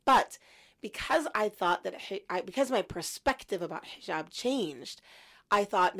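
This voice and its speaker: A woman in her fifties, a guest in an interview, telling a personal story in a lively way and acting out her younger self. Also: medium pitch, unhurried. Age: 50s. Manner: animated storyteller, acts out her past self.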